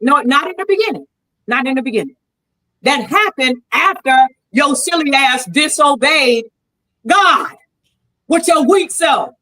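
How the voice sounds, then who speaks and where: A woman's voice: sits high, expressive, unhurried, bright, forceful tone, poor audio. A woman in a heated debate, arguing in a combative, preachy way and leaning on scripture. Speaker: debate guest.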